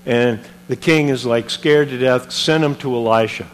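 A man preaching a sermon, retelling a Bible story in an animated, conversational way with modern comparisons. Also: medium pitch, moderate pace, slight background noise.

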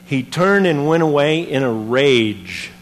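A man preaching a sermon, retelling a Bible story in an animated, conversational way with modern comparisons. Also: a little high, takes it slowly.

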